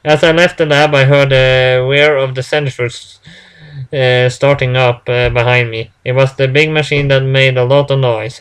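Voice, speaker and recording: A man reading a first-person story aloud in a halting way, stumbling and restarting words often. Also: mid-range voice, clear, resonant tone. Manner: halting, with frequent restarts and fillers.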